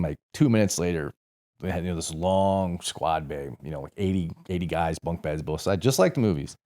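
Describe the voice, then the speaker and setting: A man's voice: low-pitched, darkish tone. A man in his forties from St. Louis, a podcast guest telling a rambling, profane story in a casual way and correcting himself as he goes. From St. Louis, USA. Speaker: podcast guest, former Marine.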